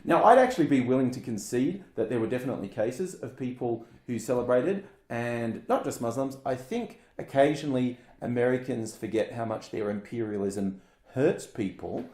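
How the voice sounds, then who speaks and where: A man's voice: mid-range voice, expressive, moderate pace, darkish tone. A man co-hosting a casual political chat, ranting bluntly and sarcastically. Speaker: podcast co-host. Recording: roomy echo.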